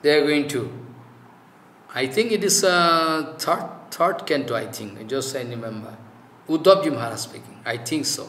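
A man giving a devotional scripture discourse as a spiritual teacher, in halting informal English full of "you know" and emphatic repetition. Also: mid-range voice, fairly bright tone, reverberant. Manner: emphatic, repeats key phrases.

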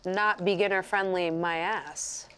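A woman from Southern California chatting casually while painting miniatures, animated and swearing freely. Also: on the low side, measured pace, clear, resonant tone. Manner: animated, swears freely, acts out quoted voices.

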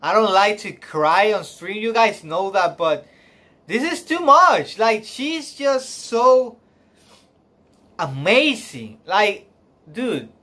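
Speaking high-pitched with lively intonation and a touch of brightness, a man reacts emotionally on a live stream, nearly in tears. His gushing comes out in halting bursts full of fillers, sighs and laughter.

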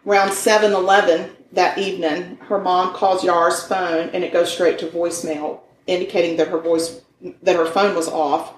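Woman, fairly low voice, chatty true-crime storyteller, echoey room. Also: flat delivery, normal speed, distant mic, slight background noise. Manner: chatty, folksy asides, stumbles over names. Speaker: podcast co-host.

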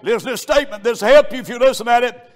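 A man preaching a revival sermon, fervent and building to shouts. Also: extremely high pitch, racing.

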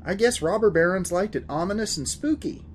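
An eager teenage boy ghost hunter, as a male narrator puts him on, showy and quick to get defensive. The voice rides higher and brighter than a grown man's usual speech. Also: animated, a little hiss or hum.

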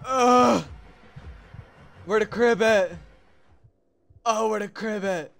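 A young man streaming a horror game, talking in casual slang and switching from low mutters to sudden yelps. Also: slow, vocal fry, pauses often. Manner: animated, slangy, jumps from mumbles to yelps. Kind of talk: live horror game commentary.

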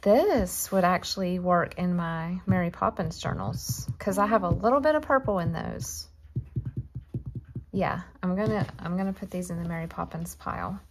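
A woman's voice: fairly low pitch, moderate pace, noisy background. A woman chatting casually to her viewers as she shows off fabric she received, gushing and talking straight to the camera. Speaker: crafting vlogger. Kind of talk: casual show-and-tell chat.

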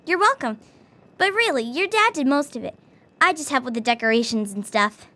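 A woman's voice: high voice, lively intonation, fairly quick, sharp tone. Amata, a bubbly teasing girl. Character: cheerful young girl, the hero's playful friend. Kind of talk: video game dialogue.

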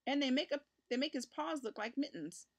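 A woman's voice: sits high, lively intonation, a little fast, pitched above the performer's own voice. A woman reading a storybook aloud, voicing a friendly farm woman explaining her kitten for sale. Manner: plain, explaining.

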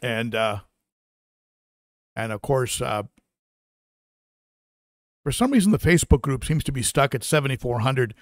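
A man's voice: mid-range voice, lively intonation, a little slow, pauses often, dry recording, clean studio sound. A man hosting a live stream, chatting casually and reading out viewer comments, with lots of fillers and restarts. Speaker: aquarium channel host.

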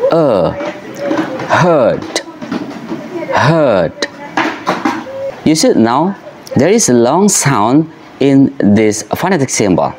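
A man giving an English pronunciation lesson, talking slowly and carefully and drawing out the vowel sounds for practice. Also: on the high side, noisy background. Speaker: pronunciation teacher.

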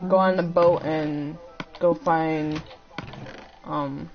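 A woman's voice: deep voice, fairly even intonation, very slow, faint music behind. A young woman streaming a game, chatting casually with frequent swearing and banter, on a headset. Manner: swears freely, bantering and giggly. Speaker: gaming streamer. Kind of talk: casual gaming chat. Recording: slightly dull lo-fi stream audio.

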